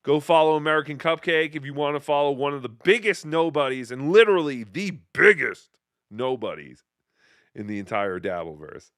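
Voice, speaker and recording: A male host chats casually through viewer messages, joking and dipping into quick impressions. His voice is fairly high and bright, with lively swings in pitch. It sounds dry and close to the mic. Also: dry recording. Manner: riffing, jokey, slips into silly impressions. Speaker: show host. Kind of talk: casual livestream chat, reading viewer messages.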